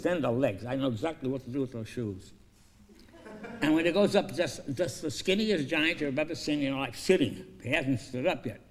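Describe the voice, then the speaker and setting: Male filmmaker pitching a story; energetic, profane, acts out scenes.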